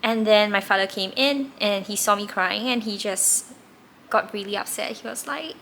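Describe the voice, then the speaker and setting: A woman's voice: medium pitch, steady tone, moderate pace, fairly bright tone, a little hiss or hum. A woman, candidly telling a personal story in a reflective way, with occasional laughs. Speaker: tarot reader recounting her past.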